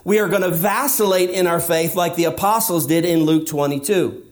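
A man's voice: a little high, normal speed. A man preaching a sermon, speaking emphatically and asking rhetorical questions, sometimes acting out a believer's inner voice. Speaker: pastor.

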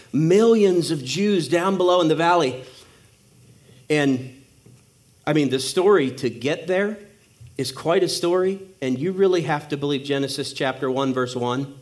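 A male preacher giving a sermon, telling a story with humor and acting out the characters. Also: fairly high pitch.

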